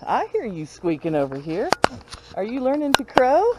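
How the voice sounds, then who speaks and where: A woman's voice: fairly high pitch, wildly swooping pitch, moderate pace. Older woman vlogging outdoors on a farm. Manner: chatty, coos and baby-talks to animals. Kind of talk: casual vlog chat. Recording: outdoor noise, animals and passing cars.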